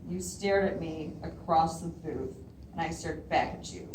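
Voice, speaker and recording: Slow, nervous woman poet reading live. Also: low voice, background noise. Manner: nervous, laughs often between lines. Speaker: poet reading her work. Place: public library reading event. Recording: roomy hall, voice from a distance.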